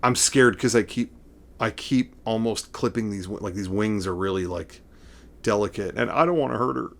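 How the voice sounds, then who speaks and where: Excitable rambling man showing off figures. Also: fairly low pitch, normal speed, creaky. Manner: excitable, rambling, mock-emotional. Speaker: vlogger showing figure collection. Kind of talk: casual figure-collecting vlog.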